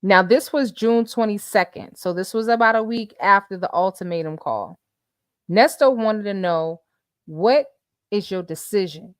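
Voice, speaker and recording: A woman hosting a casual live stream, reading messages and viewer comments aloud with animated, laughing commentary. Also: medium pitch, moderate pace, clean tone, no echo, clean studio sound.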